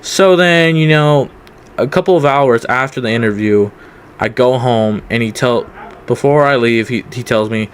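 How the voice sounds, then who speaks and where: A man's voice: mid-range voice, normal speed, slight background noise. A young man from California telling a rambling personal story in a casual storytime vlog, with lots of fillers and restarts. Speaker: vlogger.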